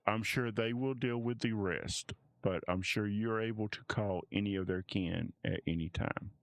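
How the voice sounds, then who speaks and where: A man running a tabletop role-playing game as game master, narrating in a measured, descriptive way. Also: on the low side, gravelly, no echo.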